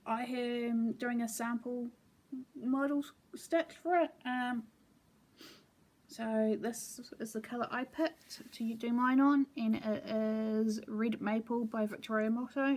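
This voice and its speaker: Chatty New woman showing stitching. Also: a little high. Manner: relaxed, meandering, with frequent ums. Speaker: cross-stitch vlogger. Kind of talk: casual show-and-tell chat.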